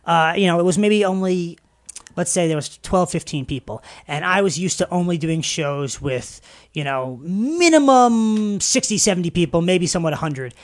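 A high-voiced stand-up comedian from Long Island, New York, tells stories as a podcast guest in a casual interview chat. He speaks at a moderate pace and is animated, laughing often, with many fillers and restarts.

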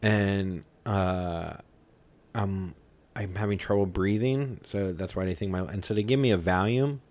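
A man's voice: deep voice, a little slow, a little mellow. A man in his forties telling a long story in loose, profane, rambling podcast chat.

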